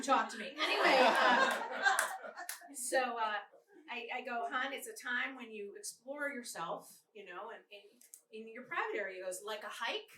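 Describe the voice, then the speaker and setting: A woman's voice: mid-range voice, noisy background. A woman in her fifties performing a stand-up comedy set at a live show, telling stories animatedly with restarts and punchy endings. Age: 50s. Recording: roomy live room, mic from a distance. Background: audience laughter.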